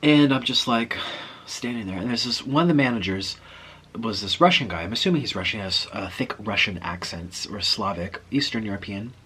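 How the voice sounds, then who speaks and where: Husky south american guy telling a chatty story, jokes at his own expense. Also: on the low side, moderate pace. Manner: animated, chatty, self-deprecating. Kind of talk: casual storytelling.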